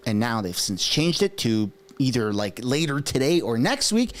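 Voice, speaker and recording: A man whose first language is French, giving casual political commentary in an animated, conversational way with frequent rhetorical asides. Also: medium pitch, moderate pace, few pauses. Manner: acts out quoted speech in put-on voices.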